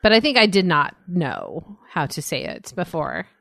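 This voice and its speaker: A woman guest on a podcast in casual chat, teasing and quick, swearing freely. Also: lowish voice, expressive, vocal fry, fairly bright tone, no echo, studio quality.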